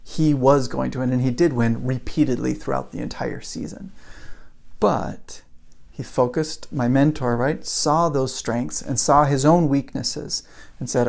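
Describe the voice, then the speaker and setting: Gravelly man telling a motivational story. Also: medium pitch, unhurried, darkish tone. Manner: casual, repetitive phrasing, builds with repeated lines. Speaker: motivational speaker.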